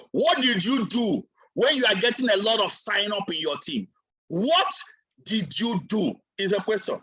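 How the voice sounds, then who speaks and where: A man's voice: high-pitched, a bit bright, husky, rough recording. A man giving a motivational training talk like a sermon, emphatic and repetitive. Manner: emphatic and repetitive, asks for water mid-talk. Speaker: trainer and speaker.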